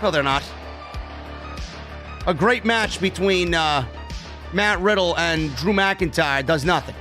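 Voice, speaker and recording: A man's voice: on the high side, slow, bright, forceful tone, soft background music. Casual profane man reading stream chats. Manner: casual, profane, reads donor messages aloud. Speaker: show host reading super chats. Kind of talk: casual live-stream chat.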